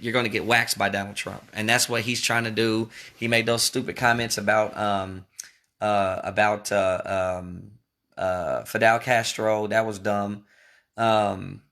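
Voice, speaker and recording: Bright-voiced man ranting to viewers. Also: on the low side. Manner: rambling, emphatic, talks straight to viewers. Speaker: political commentator. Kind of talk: casual political commentary vlog.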